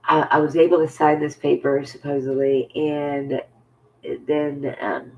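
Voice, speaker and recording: A man telling a personal story to camera in a halting, rambling way, full of fillers and restarts, often sinking to a near whisper. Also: fairly high pitch, little pitch movement, a little mellow, a little hiss or hum, low-quality recording. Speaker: vlogger.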